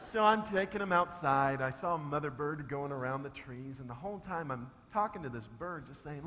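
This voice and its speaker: A male pastor telling a comic story in a sermon, shifting between loud shouts and hushed low talk. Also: lively intonation, a little fast, few pauses, some chatter behind, a little hiss or hum. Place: church sanctuary. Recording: long reverb of a church hall.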